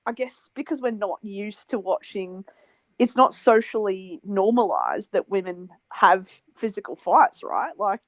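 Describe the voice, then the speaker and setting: A woman with an Australian accent co-hosting a casual sports chat, telling quick anecdotes with laughs and little impressions of people. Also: mid-range voice, poor audio. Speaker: podcast co-host.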